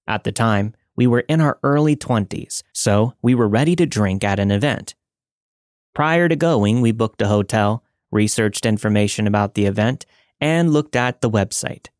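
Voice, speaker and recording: A man hosting a podcast, reading listener stories as scripted narration in a measured, dramatic way. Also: mid-range voice, darkish tone, dry recording, clean studio sound.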